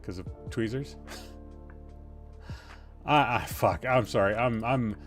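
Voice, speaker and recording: Soft music plays in the background as a man speaks slowly in a medium-pitched voice. Hosting a casual gaming stream, he's tired and a bit loopy, rambles, makes fun of himself, and lets the occasional swear slip.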